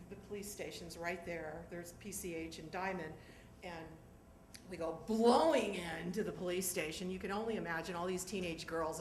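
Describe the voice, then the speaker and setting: Animated woman telling a story on stage. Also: medium pitch, a little hiss or hum. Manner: animated, laughing, acting out scenes. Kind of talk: live one-woman stage show. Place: theatre with audience. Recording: echoey theatre with live audience.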